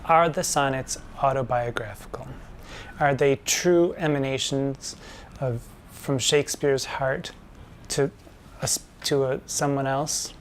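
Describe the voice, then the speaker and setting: A man explaining a lesson at a mid-range pitch, in a measured, teacherly way. He slows right down to spell out each pattern. A faint hum of noise sits behind him. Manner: measured and didactic, slowing to spell out rhyme schemes. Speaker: drag performer hosting a poetry lesson.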